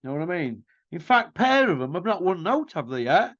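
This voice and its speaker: A man's voice: sits high, very animated, a little fast, fairly bright tone, dry recording. A man hosting a boxing show, ranting in a mocking, combative way and firing off rhetorical questions. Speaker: boxing commentary host. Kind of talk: ranting opinion monologue. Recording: dull lo-fi dry sound.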